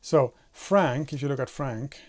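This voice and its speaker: A man's voice: medium pitch, unhurried, a little mellow. A man teaching animation in a tutorial, explaining step by step and demonstrating with his own head and hands. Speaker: animation instructor.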